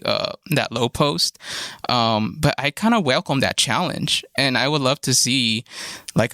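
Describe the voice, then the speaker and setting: A man co-hosting a sports podcast, talking in a relaxed way with many fillers. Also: medium pitch, gravelly, clear, resonant tone, no room sound, studio quality. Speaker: podcast co-host. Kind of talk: casual sports chat.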